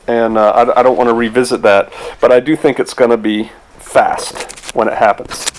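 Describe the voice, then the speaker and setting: A man's voice: a little high, a little hiss or hum, rough recording. Rambling conversational man preaching a sermon. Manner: conversational, rambling, rhetorical asides. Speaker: pastor.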